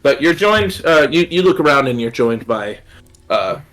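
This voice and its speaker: A man narrating as game master in a tabletop game, halting and quick to laugh. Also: mid-range voice, big pitch swings, a bit bright.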